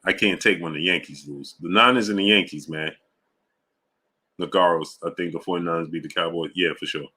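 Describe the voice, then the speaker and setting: A New York man hosts a casual livestream, running through viewer names with slangy greetings. His voice sits low. It has a bright, forceful edge. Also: a little fast. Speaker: livestream host.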